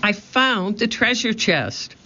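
A man doing an excitable young boy. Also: high voice, slow pace, pitched above the performer's own voice, exaggerated voice. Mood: excited. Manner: excited, breathless exclaiming. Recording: muffled lo-fi audio.

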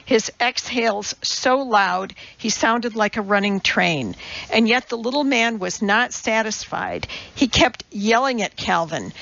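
A woman reading a novel aloud as an audiobook narrator, in measured, even storytelling. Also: medium pitch, vocal fry, no room sound, highs cut off.

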